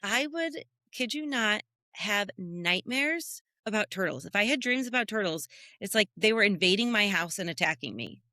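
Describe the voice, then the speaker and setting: A woman from the United States, co-hosting a podcast, telling animated stories in a casual chat and jumping up high when she quotes people. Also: moderate pace, no room sound, clean studio sound. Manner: animated storyteller who jumps high when quoting people. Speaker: podcast co-host.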